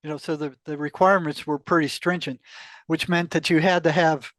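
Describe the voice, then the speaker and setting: An older man with a notably high-pitched voice spins a long personal story, acting out the back-and-forth of what was said and breaking into laughs along the way. The sound is dry and close, with no room around it. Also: fairly quick, dry recording. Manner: animated storyteller, acts out quoted exchanges, laughs often. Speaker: guest telling a story. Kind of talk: casual storytelling interview.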